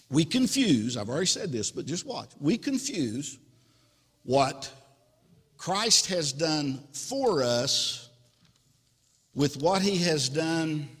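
A man preaching a sermon as pastor, slow and emphatic, repeating key words. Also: fairly high pitch, slightly rough, big-room sound.

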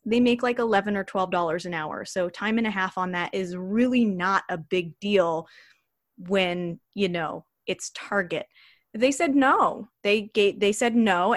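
A young adult woman telling a personal story as a podcast guest, in a chatty, animated way with many fillers. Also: mid-range voice, no echo, clean studio sound. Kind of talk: casual storytelling.

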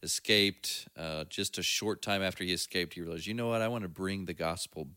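Male co-host, deep, crisp bright tone, rambling storyteller. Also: brisk, dry recording, clean studio sound. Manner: storytelling, laughs easily, trails off with fillers. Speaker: podcast co-host. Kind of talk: casual chat.

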